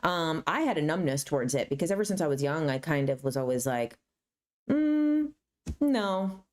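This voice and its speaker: Low-voiced woman telling stories. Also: quick pace. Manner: animated, acts out her mom's voice mid-story. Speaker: YouTuber. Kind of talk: casual storytelling to camera.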